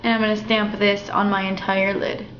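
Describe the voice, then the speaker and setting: A woman's voice: mid-range voice, normal speed, a little hiss or hum. Chatty young woman doing a makeup tutorial. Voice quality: chatty, relaxed, thinking aloud. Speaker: beauty vlogger. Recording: dull, slightly roomy home recording.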